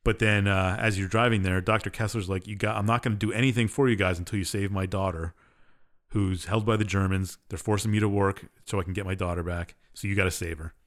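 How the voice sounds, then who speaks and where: A podcast co-host casually recaps a game's plot in a relaxed, dismissive way. He speaks quickly in a low-pitched, steady voice.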